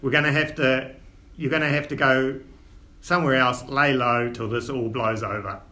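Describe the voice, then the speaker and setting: A man voicing a gruff older male dwarf father with a mock Cockney accent, bluff and chummy. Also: medium pitch, fairly even intonation, normal speed, bright, forceful tone, natural voice. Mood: reassuring. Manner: bluff, chummy, ends lines with "Gov".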